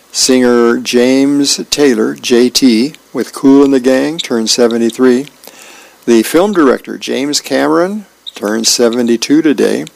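Volunteer radio reader, man, creaky voice, relaxed delivery, mid pitch. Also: no room sound, poor audio. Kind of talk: reading comic strips aloud.

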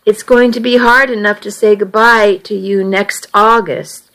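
A woman's voice: mid-range voice, steady tone, unhurried, fairly bright tone, rough recording. A woman reading a worried teenage boy. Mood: troubled. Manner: earnest and uneasy, reasoning things through. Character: earnest, worried seventeen-year-old boy. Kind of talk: audiobook dialogue reading.

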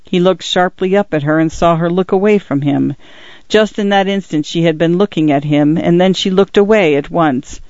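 Measured and dramatic, a male narrator reads a tense literary story for an audiobook. He pitches fairly high for a man, and the close, dry recording carries no room sound, leaving his darkish tone slightly muffled and dull.

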